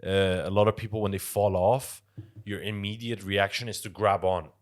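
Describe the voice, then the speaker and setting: A man with a lowish voice talks loosely on a podcast, swearing freely. He works through his points with everyday examples. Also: steady tone, moderate pace. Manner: loose, profane, explains with examples. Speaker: podcast co-host. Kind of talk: casual chat.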